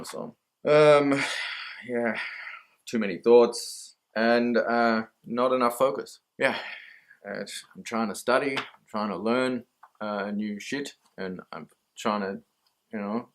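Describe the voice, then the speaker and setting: A mental health vlogger with an Australian accent talks candidly to camera in a rambling, casual monologue. His voice sits on the low side with a fairly bright tone, and he swears freely and laughs at himself.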